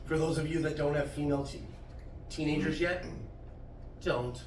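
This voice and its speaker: A man's voice: a little high, little pitch movement, a little fast, distant mic. A middle-aged man doing a stand-up comedy set at a club, telling crude, self-deprecating stories about his family. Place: comedy club stage with audience. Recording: roomy club sound from afar, noisy.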